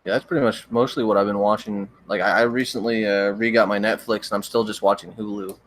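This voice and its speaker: A young man hosting a livestream, chatting casually with viewers in a relaxed, rambling way with frequent stammered restarts. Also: fairly low pitch, fast talker. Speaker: livestream host. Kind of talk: casual chat reading viewer comments.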